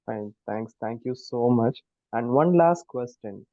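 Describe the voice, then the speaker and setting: A man's voice: medium pitch, lively intonation, takes it slowly, no echo. A man in a workshop politely asking the trainer a question, with some hesitation. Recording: thin phone-like sound, dry.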